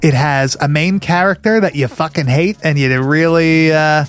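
A man's voice: a little high, moderate pace, smooth, soft background music. Brief: male podcast host, casual, swears a lot, rambles. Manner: profane, rambling. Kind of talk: casual chat.

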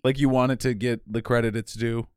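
Teasing podcast co-host, smooth and dry. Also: male voice, medium pitch, flat delivery, brisk, no echo. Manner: teasing, filler-heavy questions. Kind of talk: casual podcast banter.

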